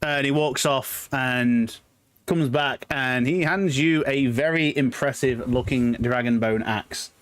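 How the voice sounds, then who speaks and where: Narrating as the game master of a tabletop game, this mid-range-voiced man sounds relaxed and halting, leaning on many fillers.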